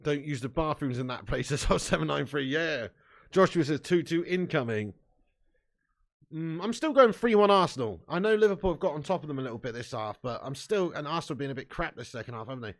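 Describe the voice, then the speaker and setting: A man's voice: on the high side, animated, fairly quick. A man hosting a live football watch-along. He reads chat comments aloud and talks in a casual, sweary way. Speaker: fan channel host.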